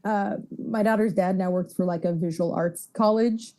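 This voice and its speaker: A woman cohosting a podcast, chatting in a lively way and laughing often. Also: medium pitch, moderate pace. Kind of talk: casual chat.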